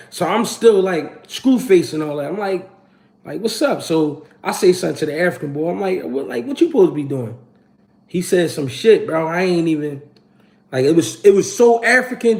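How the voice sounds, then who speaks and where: A man's voice: high voice, expressive, a little fast. A man, hosting his channel and telling a story to a live audience in a casual, slangy and profane way, acting out the quotes. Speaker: channel host.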